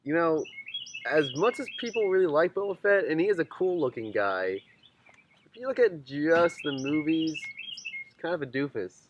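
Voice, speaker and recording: A man co-hosting a casual chat, relaxed and rambling with lots of fillers. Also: a little high, normal speed, lo-fi sound, noisy background.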